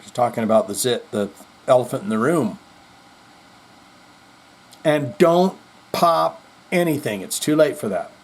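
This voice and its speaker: A man's voice: medium pitch, expressive, unhurried, long pauses. A middle-aged man hosting a podcast, rambling in casual chat with self-deprecating jokes. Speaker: podcast host.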